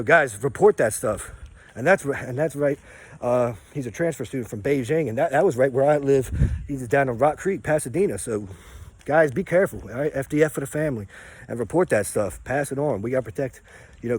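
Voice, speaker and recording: Husky-voiced man giving a rambling pep talk. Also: medium pitch, a little mellow. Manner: preachy, upbeat, repeats catchphrases, drifts off topic; casual slangy delivery with laughs and fillers. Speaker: personal trainer and wellness vlogger. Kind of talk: rambling motivational monologue.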